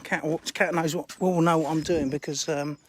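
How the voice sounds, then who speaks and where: A chatty man with a fairly high voice addresses his live-stream viewers in a rough-edged, offhand way, swearing now and then. He is outdoors by a lake, speaking into a handheld phone, and a faint noise sits behind him. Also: steady tone, moderate pace. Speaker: fishery owner streaming live. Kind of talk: casual live-stream chat. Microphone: phone held in hand.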